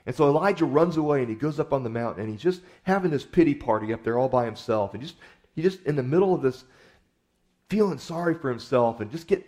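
A male pastor delivers a sermon in a relaxed, storytelling style, addressing the congregation as if they were neighbors. Folksy and conversational, he often doubles back on his words mid-sentence, and his voice sits squarely in the mid range.

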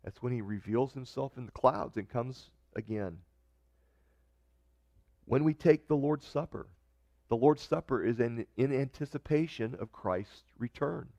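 A man's voice: medium pitch, unhurried, creaky, mellow, no room sound. A man preaching a sermon in a conversational way, reading scripture and often restarting his sentences. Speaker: pastor.

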